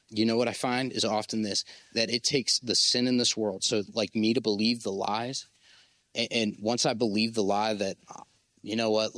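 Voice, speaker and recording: An impassioned young man delivers a sermon in a middle-pitched voice, urging his listeners on and leading them in call-and-response. The recording is dry and close, with no room echo. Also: fairly bright tone. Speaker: pastor.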